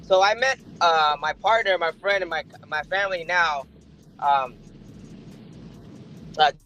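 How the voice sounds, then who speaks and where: Sick guy on a call, kinda high voice, rambling about his dogs, light background hiss. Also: unhurried, bright, forceful tone, muffled recording. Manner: rambling, easygoing, many fillers. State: sick, chewing a lozenge. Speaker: guest dog breeder. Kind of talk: casual podcast chat.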